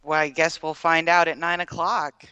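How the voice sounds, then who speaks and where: A female radio co-host with a bright, crisp, smooth voice, a little hoarse from coughing. She banters in a wry, lightly teasing way. The sound is close and dry. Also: low-pitched, level tone, moderate pace, no room sound, lo-fi sound. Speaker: radio talk show co-host. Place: radio studio in the southern US.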